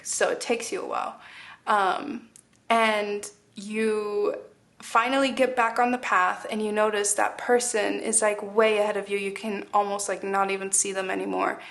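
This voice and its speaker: A woman's voice: mid-range voice, a bit bright. A woman giving a casual spoken tarot reading, rambling, with many fillers and restarts. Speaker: tarot reader.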